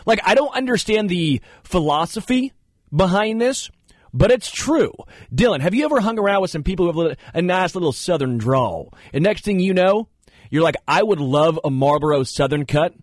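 A man hosting a talk show, telling rambling, animated stories in casual studio banter. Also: sits high, moderate pace, no echo. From Kansas City area. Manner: rambling, animated storyteller who jumps into funny voices. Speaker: radio show host.

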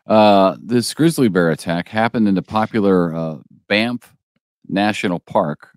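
Deep-voiced easygoing man news co-host. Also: measured pace, no room sound, studio quality. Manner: easygoing, teasing, frequent "uh" fillers. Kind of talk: casual local news chat.

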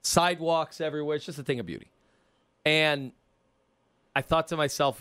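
A man hosting a podcast, animated as he tells a comic hypothetical story in casual chat. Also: a little high, a little fast. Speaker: podcast host.

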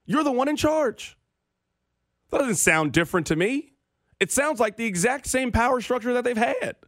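A man's voice: extremely high pitch, animated, normal speed, fairly bright tone, no room sound. A man hosting a sports radio show, ranting with opinions and dry sarcasm.

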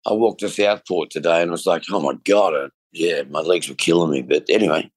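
A man's voice: low voice, fast, slightly rough, no room sound. A man chatting casually about his week, rambling with lots of fillers. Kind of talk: casual chat.

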